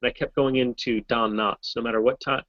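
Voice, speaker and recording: A man's voice: medium pitch, fairly even intonation, a little fast, fairly bright tone, no room sound, lo-fi sound. Rambling wry man on a video call. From Massachusetts, US. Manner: rambling, self-correcting, wry. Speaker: voice actor guest. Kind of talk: casual chat in a video hangout.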